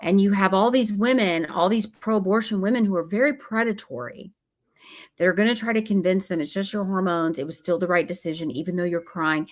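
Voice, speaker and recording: A woman's voice: medium pitch, brisk. A woman speaking as an interview guest, earnest and emphatic, sometimes acting out what other people say. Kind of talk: casual interview talk.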